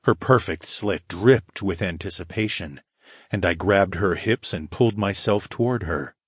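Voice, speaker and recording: Husky low-voiced male audiobook narrator. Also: a little slow, no room sound, studio quality. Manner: steady, low growling delivery. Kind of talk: first-person fantasy audiobook narration.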